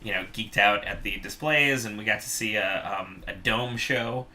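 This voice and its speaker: A man's voice: normal speed, a little hiss or hum. A man co-hosting a band podcast, telling road-trip stories in casual chat and breaking into playful sung impressions. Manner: animated storyteller, mimics singing in falsetto. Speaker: podcast co-host, band member.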